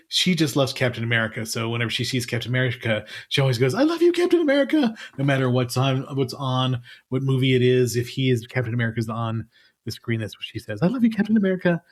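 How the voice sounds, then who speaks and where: A man co-hosting a podcast in casual chat, rambling and laughing easily. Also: mid-range voice. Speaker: podcast co-host.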